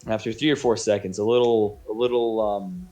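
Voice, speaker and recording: A man's voice: on the low side, fairly even intonation, normal speed, mellow, soft background music. A man narrating as game master on a tabletop game stream, casual and rambling, with many restarts. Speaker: dungeon master.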